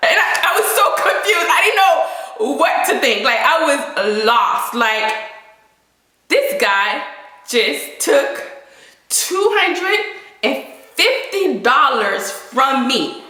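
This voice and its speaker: A woman telling a personal story in a storytime vlog, expressive and laughing through her lines as she acts out her own panic. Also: sits high, slow pace. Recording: echoey room.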